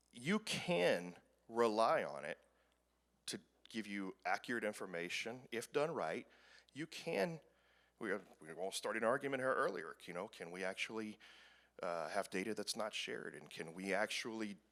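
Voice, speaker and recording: A man speaks in a low voice, presenting at a conference. He talks casually and rambles, joking at his own expense. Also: a bit bright. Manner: casual, rambling, self-deprecating. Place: conference room.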